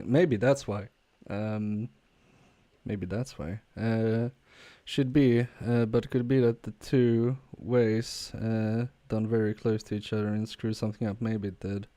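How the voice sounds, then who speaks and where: A man casually chatting with viewers on a live stream while repairing a game controller, talking haltingly with fillers and restarts. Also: fairly low pitch, fairly even intonation, mellow. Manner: halting, many fillers and restarts, chuckling asides. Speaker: repair livestreamer.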